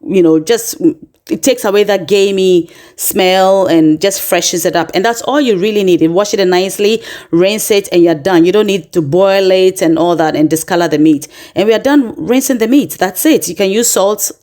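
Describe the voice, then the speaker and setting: A woman's voice: mid-range voice, normal speed, a little mellow. A woman giving a casual home cooking demonstration in her kitchen, chatting and often checking in with her listeners. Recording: echoey kitchen, mic at a distance.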